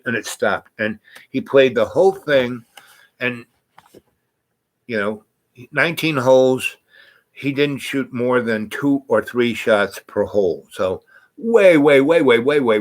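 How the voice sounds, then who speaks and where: A man's voice: mid-range voice, fairly bright tone, poor audio. A man telling a personal story in a casual, rambling way, often restarting his sentences and at times sounding close to tears. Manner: rambling, digressive, with many restarts; emotional, near tears at times.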